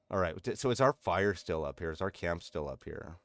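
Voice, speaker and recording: Deep-voiced man rambling over gameplay. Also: animated, measured pace, no room sound. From United States. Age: 30s. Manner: rambling, chatty, laughs often. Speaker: streamer. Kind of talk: casual gameplay commentary.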